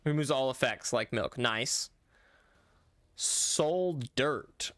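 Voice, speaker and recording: A man's voice: mid-range voice, expressive, drawn-out words, fairly bright tone, no room sound. A man live-streaming a game in casual chat, rambling and correcting himself as he answers his chat. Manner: rambling, self-correcting, talks back to chat.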